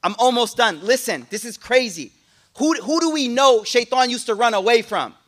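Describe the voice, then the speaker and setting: A man giving a lively, joking sermon to a class, speaking in casual slang. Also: very high-pitched, normal speed. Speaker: sheikh giving a talk. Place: room with a listening audience.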